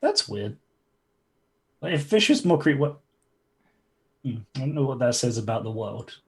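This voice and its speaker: A man running a tabletop game as game master, chatty and quick to laugh between rulings. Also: mid-range voice, big pitch swings.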